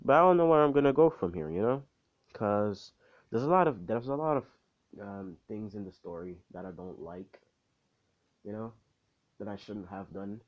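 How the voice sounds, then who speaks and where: A man's voice: on the low side, moderate pace, long pauses, highs cut off. Slangy man rambling through a story. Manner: rambling and loose, with slangy asides and swearing. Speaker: fan-fiction storyteller. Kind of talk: casual spoken story recap.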